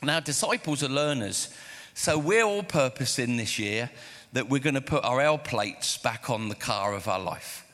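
A man preaching a sermon in a church hall, his mid-pitched voice ringing with long reverb. He tells stories with animation and acts out the dialogue, shifting between voices. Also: moderate pace. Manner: animated storytelling, acting out dialogue. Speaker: pastor.

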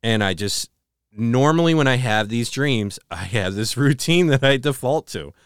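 A man co-hosting a podcast, retelling a story earnestly with halting restarts and a hushed, slowed delivery on dramatic moments. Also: lively intonation, clean tone, no echo, studio quality. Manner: slows and drops to a low hush on dramatic moments. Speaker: podcast co-host. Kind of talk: casual storytelling chat.

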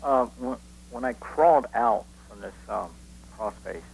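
A man who witnessed an event, recalling it haltingly with many restarts as a guest on a radio interview. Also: mid-range voice, vocal fry, darkish tone, slightly rough, low-quality recording. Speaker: eyewitness guest.

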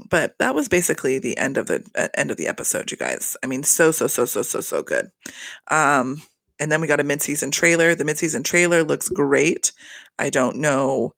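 A man's voice: fairly high pitch, lively intonation, moderate pace, vocal fry, a bit bright, no room sound. A man giving a casual, gossipy recap of a reality TV episode, swearing a lot, laughing often and acting out the cast's lines. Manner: acts out the cast's lines in exaggerated voices.

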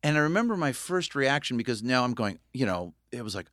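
A man's voice: mid-range voice, big pitch swings, fast, fairly bright tone, no echo, clean studio sound. A man in casual chat, a film director telling stories animatedly, acting out phone calls and swearing freely.

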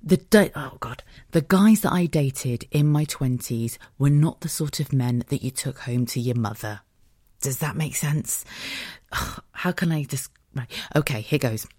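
A woman's voice: a bass voice, measured pace, a little mellow, no echo, studio quality. A woman in her late thirties hosting a solo podcast, talking frankly and emotionally, swearing freely and laughing at herself. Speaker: podcast host. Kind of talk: candid solo podcast confession.

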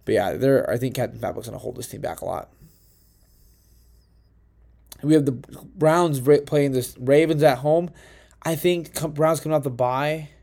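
Young male podcast host, mellow tone, rambling and profane, self-correcting, uneven home recording. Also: medium pitch, moderate pace, vocal fry. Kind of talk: casual solo sports podcast.

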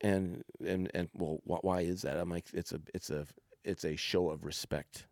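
Man, middle-aged, very low voice, dry sound, casual family chat, storyteller who acts out dialogue. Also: fairly even intonation, normal speed, darkish tone, dry recording. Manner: storytelling, acts out quoted exchanges. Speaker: podcast host, father.

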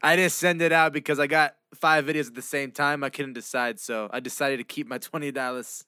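A man's voice: mid-range voice, fairly even intonation, a little fast, pushed and bright, clear, resonant tone, dry recording, clean studio sound. A young man co-hosting a podcast in casual chat, laid-back, swearing freely and laughing often. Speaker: podcast co-host.

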